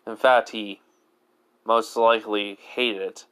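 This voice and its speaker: A man reads out a weary, regretful old village leader in a homemade fan story, his voice low-pitched and clean. The lines come haltingly, with fillers between the words. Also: fairly even intonation, a bit bright, clear, resonant tone. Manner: plain reading voice, hesitant with fillers.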